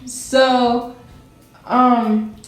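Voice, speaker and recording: A woman's voice: a little high, flat delivery, extremely slow. A young woman telling a personal story in casual chat, rambling and laughing as she goes. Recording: very echoey room with faint music.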